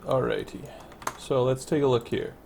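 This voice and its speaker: A let's play commentator rambles through casual commentary on a city-building game, thinking aloud and correcting himself. His medium-pitched voice is steady, a little mellow, and carries vocal fry at a normal speed, with a little hiss or hum on the audio.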